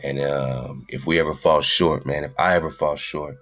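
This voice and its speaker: A man's voice: very deep voice, steady tone, normal speed, fairly bright tone, soft background music. A man hosting an internet radio show, talking in loose, slangy, rambling casual chat and calling his listeners "man.". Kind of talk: casual livestream talk.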